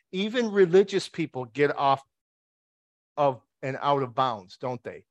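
A man's voice: fairly high pitch, animated, unhurried, no echo, lo-fi sound. A man preaching a conversational sermon. He retells the story with wry asides and rhetorical questions.

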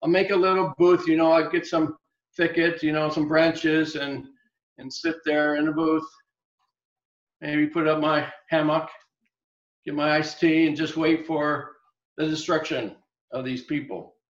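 Preacher putting on a high, whiny sulky prophet, protesting at God, in a dull echoey room. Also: male voice, animated, a little slow, fairly bright tone. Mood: sulky, scheming. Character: sulking exasperated male prophet, grown man.

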